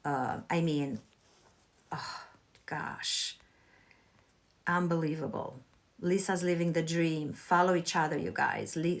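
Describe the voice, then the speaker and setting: A woman hosting a casual spiritual livestream, gushing and chatting warmly with her viewers. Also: fairly low pitch. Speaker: livestream host.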